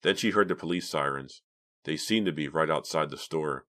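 A man narrating an audiobook in a steady, even storytelling manner. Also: rumbling low, moderate pace. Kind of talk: scripted narration.

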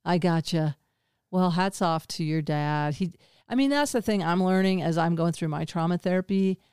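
Chatty middle-aged woman host, smooth voice. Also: fairly low pitch, normal speed, no echo, studio quality. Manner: chatty, expressive, laughs often. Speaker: podcast host. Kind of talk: casual conversation.

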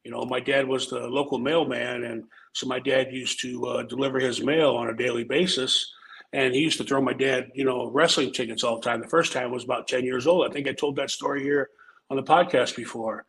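A man's voice: mid-range voice, steady tone, brisk, vocal fry, a bit bright, low-quality recording. A middle-aged man from Omaha, Nebraska, telling stories in a casual, laid-back way, swearing freely and tacking "man" onto his sentences. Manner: laid-back and profane, peppers talk with "man" and "um". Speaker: podcast guest storyteller, former wrestler. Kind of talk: casual storytelling.

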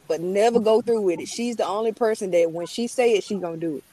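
A woman calling in by phone to pay tribute to a friend on a livestream. Her talk is loose and slangy, mid-pitched, and she jokes and throws a little shade as she goes. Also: fast, hardly any pauses, a little mellow, no echo, low-quality recording. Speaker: guest giving a tribute. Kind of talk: casual livestream chat.

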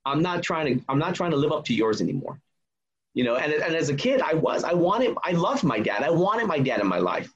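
A man's voice: on the high side, big pitch swings, a little fast, slightly rough, dull audio. A man in his forties, a memoir author, telling his story earnestly and emphatically as a podcast guest. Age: 40s. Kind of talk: casual podcast conversation.

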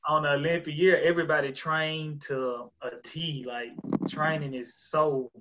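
Young Southern-accented man, a bit high-pitched, muffled lo-fi audio, relaxed and giggly guest. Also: a little slow, background noise. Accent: Mississippi Southern. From North Mississippi. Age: young adult. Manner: laughing often, easygoing. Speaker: college track athlete guest. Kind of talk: casual podcast interview.

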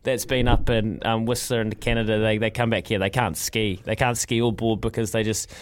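A man's voice: on the low side, little pitch movement, fairly quick, smooth. A man with a New Zealand accent hosting a breakfast radio show, chatting in an enthusiastic, rambling way with many restarts. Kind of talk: casual radio chat.

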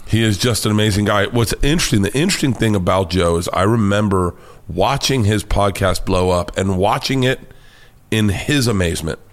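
A male comedian telling anecdotes as a guest, animated and profane, acting out the voices of the people in his stories. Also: lowish voice, fairly quick. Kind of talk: casual storytelling interview.

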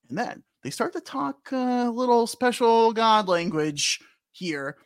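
A man co-hosting a casual podcast recap, who retells episodes with sarcastic, animated storytelling. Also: very high voice, measured pace, no room sound, studio quality. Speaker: podcast co-host.

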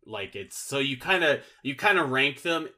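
A man's voice: medium pitch, sing-song, moderate pace, bright, forceful tone. A man chatting casually as a podcast guest, rambling and filling his sentences with "like" and restarts. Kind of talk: casual chat.

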